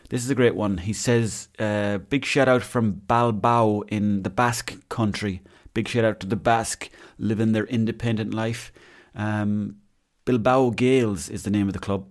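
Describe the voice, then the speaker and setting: Rambling Irish man with a lowish voice. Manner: rambling, self-mocking and chatty. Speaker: podcast host. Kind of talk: casual solo podcast chat.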